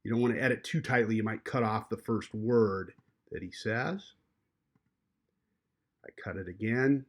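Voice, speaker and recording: A man teaching a journalism class, walking through an audio editing tutorial in a relaxed way with many fillers. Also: on the low side, a little slow, long pauses. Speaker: journalism instructor. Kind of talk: screen-recorded software tutorial.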